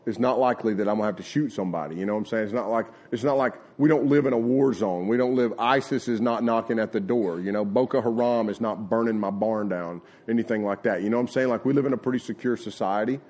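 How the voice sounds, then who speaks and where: A man's voice: fairly low pitch, quick pace, few pauses, a little mellow. A middle-aged man, preaching a sermon in a folksy, conversational way and acting out retold conversations. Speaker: pastor. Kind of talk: sermon with personal storytelling.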